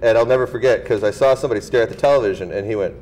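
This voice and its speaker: A man's voice: on the low side, very fast, a little mellow, a little hiss or hum, rough recording. A man, once host of a local comedy show, chatting in a joking, self-deprecating way on a panel. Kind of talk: casual panel chat.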